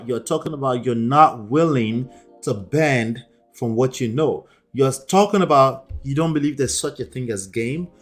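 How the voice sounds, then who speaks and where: Host type: man, emphatic relationship coach, faint music under his voice. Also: mid-range voice. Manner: emphatic, repeats points, laughs often. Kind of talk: casual reaction commentary.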